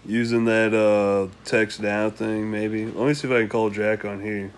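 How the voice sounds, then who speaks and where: A man's voice: lowish voice, flat delivery, a little slow, slight background noise. A man co-hosting a podcast, speaking dryly and matter-of-factly in casual chat. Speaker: podcast co-host.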